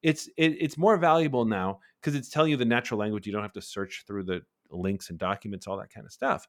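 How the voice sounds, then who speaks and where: A man in his forties appears as a guest on an interview podcast, speaking fast in a lowish voice. The talk is conversational, and he's animated, acting out little bits of dialogue.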